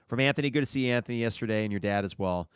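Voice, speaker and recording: Hosting a casual solo sports podcast, a man reads listener mail and reacts chattily in a rapid-fire, mid-range voice with a clean tone. The recording is dry and studio quality.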